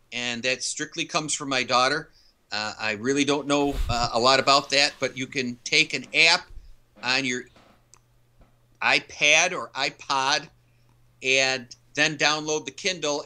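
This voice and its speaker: A man's voice: mid-range voice, steady tone, unhurried, sharp tone. A man talking as an interview guest, an author and coach who tells stories earnestly and emphatically. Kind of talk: casual interview conversation.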